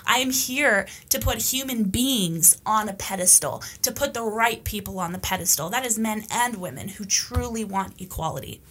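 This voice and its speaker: A woman talks through a casual, opinionated podcast monologue. Her voice sits slightly high and rings bright and forceful. She drives her points home bluntly and emphatically, dropping in the occasional curse. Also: a little hiss or hum. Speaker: podcast host.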